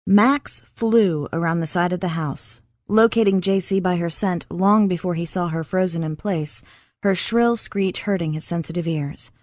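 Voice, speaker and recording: A woman narrating an audiobook in a measured, even reading. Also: on the low side, dry recording, clean studio sound. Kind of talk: scripted narration.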